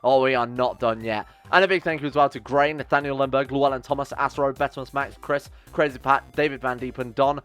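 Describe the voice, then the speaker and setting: Exasperated gamer ranting. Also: male voice, mid-range voice, fairly even intonation, fast, few pauses, a bit bright, clean tone, faint music behind. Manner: exasperated, swearing, big swings between outbursts and grumbling. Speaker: game streamer. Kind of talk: let's play commentary.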